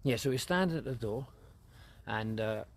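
A man with an Essex accent, a paranormal investigator talking casually and excitedly in a churchyard at night, swearing and slangy, recorded on a handheld camera. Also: medium pitch, normal speed, slight background noise. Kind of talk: casual ghost-hunting vlog.

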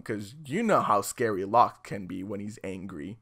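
A man's voice: lowish voice, lively intonation, normal speed. Sarcastic male video commentator. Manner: sarcastic, swings to loud outbursts.

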